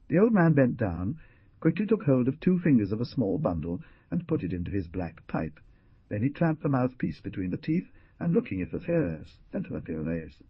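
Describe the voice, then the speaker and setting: A man reading a novel aloud as an audiobook narrator, in a measured storytelling manner. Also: fairly low pitch, slightly rough, no room sound, dull audio. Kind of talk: scripted narration.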